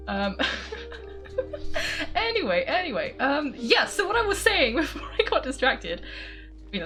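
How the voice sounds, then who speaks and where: Young woman gaming streamer, high bouncy voice, giggly and chatty, soft music underneath. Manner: giggly and chatty, laughs often. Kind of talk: casual game commentary.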